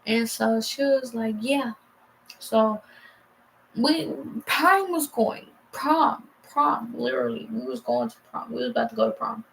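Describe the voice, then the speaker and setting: A woman in her twenties telling a rambling personal story in casual chat, her voice hoarse and giving out, acting out conversations as she goes. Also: a little high, a bit bright, slight background noise, poor audio. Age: 20s. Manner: rambling, acts out conversations in quotes. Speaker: vlogger.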